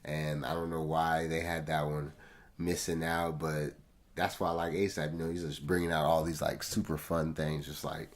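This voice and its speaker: A man's voice: extremely low pitch, level tone, normal speed. A man casually reviewing an album track by track, talking in slangy, laid-back fashion straight to his viewers. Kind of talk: casual music review commentary. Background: faint music.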